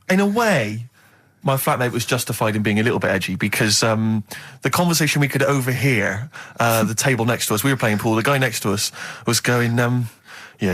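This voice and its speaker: A man co-hosting a radio show, telling a comic story in an animated, halting way with sound effects, into a studio mic. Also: mid-range voice. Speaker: radio co-host.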